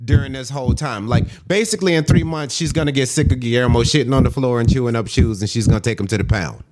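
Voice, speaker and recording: A man's voice: mid-range voice, fast, a little mellow, a little hiss or hum. A man co-hosting a podcast in a blunt, crude, joking casual chat. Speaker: podcast co-host.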